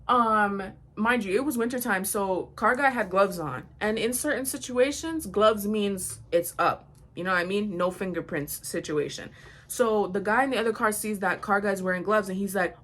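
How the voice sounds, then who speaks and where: A young woman vlogger telling a storytime tale while getting ready, animated and slangy, swearing freely. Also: mid-range voice, normal speed. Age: young adult.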